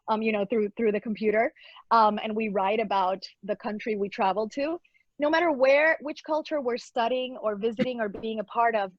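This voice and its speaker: A woman's voice: a little high, no echo. A woman guest in a casual interview, talking in an effusive, upbeat way and laughing often. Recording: dull lo-fi dry sound.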